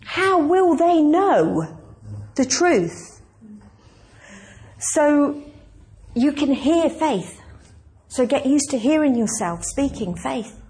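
A woman's voice: high voice, very animated, very slow, pauses often, a little mellow. A woman pastor preaching a conversational, emphatic sermon and asking the congregation questions.

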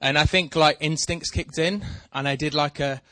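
A man's voice: a little high, normal speed, no room sound. A man telling a rambling, self-deprecating story in casual chat with a co-host. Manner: rambling, self-deprecating, animated when excited.

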